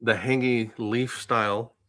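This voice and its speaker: Bright-voiced man chiming in casually. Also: medium pitch, fairly even intonation, measured pace, slight background noise. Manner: chatty, adds side remarks and ideas. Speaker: co-host. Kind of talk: casual live-stream chat.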